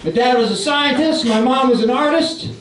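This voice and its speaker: A man in his forties doing a stand-up comedy set, delivering deadpan one-liners and bantering with the crowd. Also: extremely high pitch, normal speed. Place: comedy club stage. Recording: roomy club, distant mic, crowd laughter.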